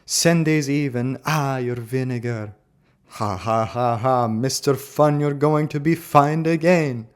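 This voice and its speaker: A man's voice: mid-range voice, slow, clear, resonant tone, lightly acted. A man voicing a jolly, mocking male figure in a put-on Romanian accent, chanting in a sing-song way with laughing "ho ho" calls. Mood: teasing.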